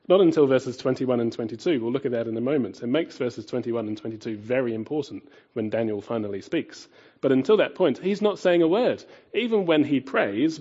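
A man preaches a sermon in a husky, warm voice. He presses his points with rhetorical questions, rising loud and dropping quiet. The recording sounds dull and lo-fi. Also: medium pitch.

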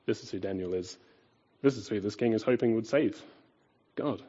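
Husky, mellow male preacher, dull recording. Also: fairly low pitch, moderate pace. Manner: emphatic, with rhetorical questions and swings between loud and quiet. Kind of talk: sermon.

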